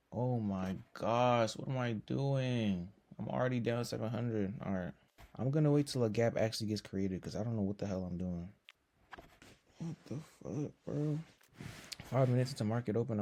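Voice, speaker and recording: A tired young man running casual commentary on his own trading, slangy and full of fillers, dropping to low mutters and then breaking into loud swearing. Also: gravelly, slight background noise. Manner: slangy, filler-heavy talk. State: tired from little sleep. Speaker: day trader streaming his session.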